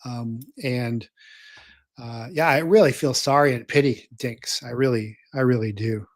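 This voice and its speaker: Older male host, casual stream chat, rambling with fillers, dry close-mic sound, mid pitch. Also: a little slow, no room sound. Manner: rambling, many fillers and restarts. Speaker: show host. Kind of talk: casual livestream talk reading viewer comments.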